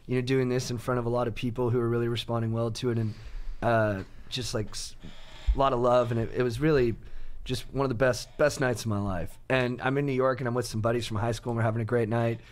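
Dude rattling off a story quick, casual podcast chat, lots of cussing. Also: male voice, mid-range voice. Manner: animated, profane storytelling. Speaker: podcast co-host.

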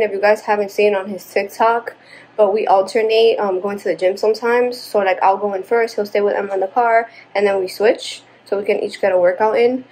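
A woman's voice: a little high, a little mellow, slight background noise, rough recording. A young woman, a new mother, talking casually to camera at home, out of breath after a workout and chatty and encouraging with many fillers. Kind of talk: casual vlog talk to camera. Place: at home, indoors.

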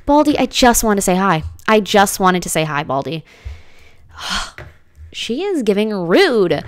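A woman's voice: mid-range voice, very animated, takes it slowly, no room sound, studio quality. A woman giving casual, dramatic commentary as she plays a life-sim game, full of slangy exclamations. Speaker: gaming let's-play host.

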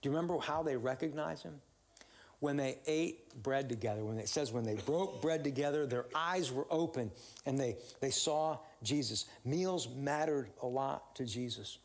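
A man's voice: mid-range voice, normal speed. Male pastor, conversational sermon delivery, informal with fillers. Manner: conversational, warm storytelling with many fillers and restarts.

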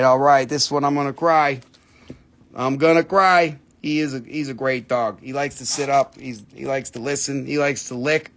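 A man's voice: high voice, fairly bright tone. A man hosting a live crystal sale, joking and swearing freely as he prices stones. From Appalachian region, US. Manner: joking, swears freely, slips into silly voices. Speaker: livestream crystal seller. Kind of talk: casual live sales chat.

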